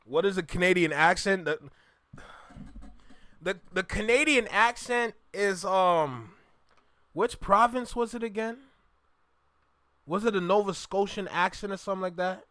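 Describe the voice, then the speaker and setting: A man from Jamaica with a Jamaican accent, hosting a reaction video and chatting casually to viewers in an animated, repetitive way. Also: high voice, unhurried, pauses often, no room sound. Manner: animated, repeats himself, talks to viewers directly.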